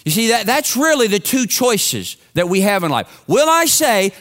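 A man's voice: sits high, animated, moderate pace, few pauses, fairly bright tone. A man preaching a sermon to his congregation in a conversational, humorous storytelling way. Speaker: pastor. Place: church sanctuary with congregation.

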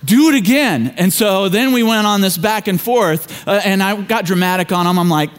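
A man's voice: high-pitched, steady tone, moderate pace, clean tone. A middle-aged man, a pastor, telling a family story in a conversational, folksy way as part of a sermon.

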